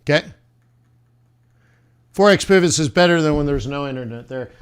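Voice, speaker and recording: A man's voice: fairly high pitch, animated, moderate pace, clear, resonant tone. A man hosting a trading livestream, rambling casually and joking at his own expense as he chats with viewers. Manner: rambling, self-mocking, chatty with viewers. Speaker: forex livestream host.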